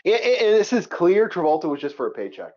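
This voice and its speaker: A man co-hosting a casual movie review chat, animated and swearing a lot as he repeats himself. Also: high voice, fast. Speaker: co-host of a movie review show. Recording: dull lo-fi sound.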